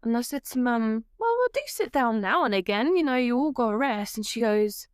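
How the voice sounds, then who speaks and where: A woman, a podcast guest, tells her story candidly and with animation, slipping into bits of remembered dialogue. Her voice is smooth, clear and somewhat high. The sound is dry and close. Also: normal speed, hardly any pauses, a little mellow, no echo. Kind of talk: personal story in an interview.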